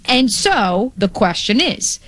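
A woman hosting sports radio talk, brisk and playful with wordplay, on a studio microphone. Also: fairly high pitch, sing-song, fairly bright tone, dry recording.

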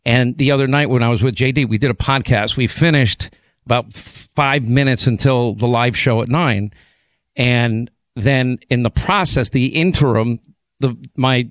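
Hoarse radio host, dry close sound. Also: male voice, mid-range voice, no room sound. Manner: rambling, repeats words, talks fast in bursts. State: hoarse, recovering from laryngitis. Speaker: radio talk show host. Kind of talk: casual on-air chat. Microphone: studio broadcast mic.

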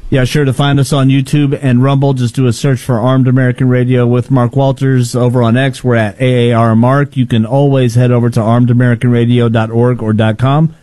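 A man working as a radio show producer, laid-back and even as he gives show info. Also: medium pitch, fairly quick, hardly any pauses, no echo. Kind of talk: casual chat and scripted announcements.

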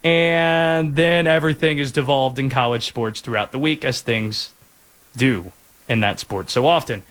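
A man from North Carolina hosting a sports talk show, chatting in a lively, jokey way with asides. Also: mid-range voice, a little slow. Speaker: sports radio host.

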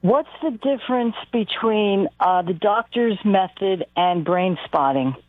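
A woman's voice: mid-range voice, lively intonation, measured pace, no room sound. A woman caller asks her question hesitantly, stumbling as she searches for words. Her voice comes through a tinny, dry phone line.

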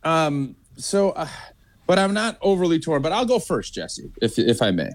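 A man's voice: a little high, big pitch swings, normal speed. A man co-hosting a sports talk show, giving opinionated game predictions in casual chat. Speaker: sports radio co-host.

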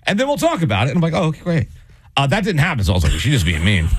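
A man's voice: rapid-fire, background noise. A man co-hosting a morning radio show, telling stories animatedly and teasing his co-host. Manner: animated storyteller, big pitch swings, playful teasing. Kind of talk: casual morning radio banter.

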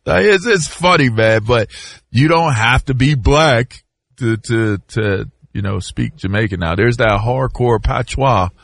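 A man co-hosting a sports talk radio show, an animated storyteller who laughs often. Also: medium pitch, slow, creaky, dry recording. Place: radio studio.

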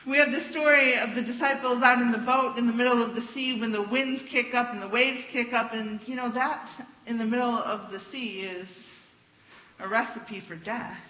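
Animated high-voiced woman preaching. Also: normal speed. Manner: animated, conversational preaching with acted quotes. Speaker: pastor. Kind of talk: sermon. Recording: echoey hall, dull sound.

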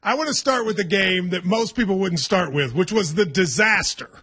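High bright husky man hosting. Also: normal speed. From Kentucky. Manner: wry, teasing, hedging restarts. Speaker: sports talk show host. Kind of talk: casual sports radio chat.

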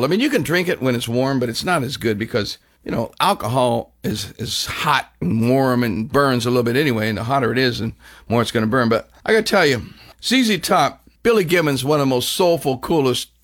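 Rambling male rock radio host. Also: mid-range voice. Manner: rambling, animated storytelling with frequent restarts. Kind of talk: casual radio chat.

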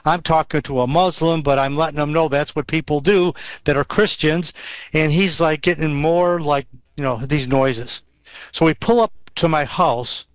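A man's voice: fairly high pitch, steady tone, normal speed, dry recording. A man telling a personal faith story in a rambling way, with many restarts and fillers. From Western New York. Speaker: guest sharing testimony. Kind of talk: storytelling testimony.

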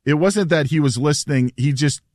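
A man's voice: fairly high pitch, brisk, darkish tone, no echo, clean studio sound. A man hosting a casual radio show, telling stories animatedly and laughing as he talks. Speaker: radio host.

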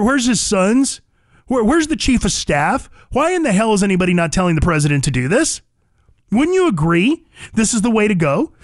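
A man with a notably high voice hosts a talk radio show, pressing his opinions in an emphatic, fired-up monologue. He hammers his points home by repeating phrases. The sound is dry and close, with no room around it. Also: no echo.

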